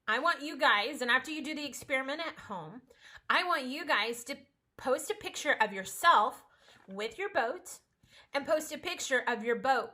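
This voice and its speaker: A woman's voice: a little high, bright, forceful tone. A woman teaching a casual home-school science lesson, chatty, playful and encouraging.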